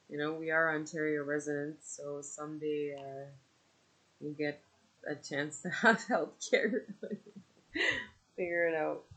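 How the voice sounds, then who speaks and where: A woman's voice: deep voice, fairly bright tone. A young adult woman, a mother, venting casually in a personal vlog, frustrated and rambling with fillers. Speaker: vlogger and mother.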